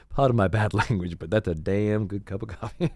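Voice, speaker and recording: A man's voice: on the low side, moderate pace, a little hiss or hum. A man streaming a game, chatting casually in a rambling, heavily profane way.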